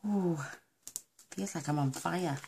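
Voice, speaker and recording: A woman's voice: on the low side, takes it slowly, creaky, warm tone, a little hiss or hum, poor audio. A middle-aged woman from the UK chatting casually through a crafting tutorial, rambling and talking to herself as she works. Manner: chatty, rambling, talks to herself while working. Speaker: craft demonstrator.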